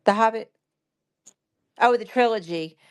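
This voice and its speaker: A woman from Alabama answering trivia questions quickly in a casual online group chat, friendly. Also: fairly high pitch, clear, resonant tone. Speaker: trivia player.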